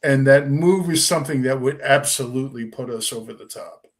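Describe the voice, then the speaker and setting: A man co-hosting a casual sports talk show, laying out his points in a measured, step-by-step way. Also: medium pitch. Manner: measured, lays out arguments step by step. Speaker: podcast co-host. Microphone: remote call over a livestream.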